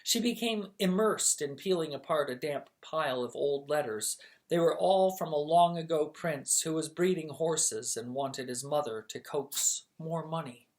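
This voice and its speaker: Bedtime storyteller reading a novel aloud, measured, expressive. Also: mid-range voice.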